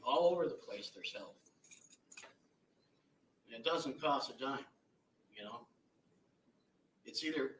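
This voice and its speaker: A middle-aged man giving a blunt, halting, emotional victim impact statement in a courtroom, picked up from far off. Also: medium pitch, fairly bright tone, slight background noise. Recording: echoey courtroom audio from far off.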